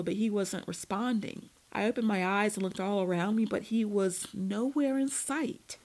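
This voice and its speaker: Woman, audiobook narrator, first-person story, measured, steady, mid pitch. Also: poor audio.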